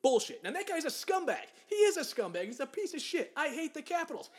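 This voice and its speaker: A man's voice: very high voice, big pitch swings, fast. A young man co-hosting a casual chat, ranting angrily and profanely about sports and mocking people in put-on voices. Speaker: podcast co-host.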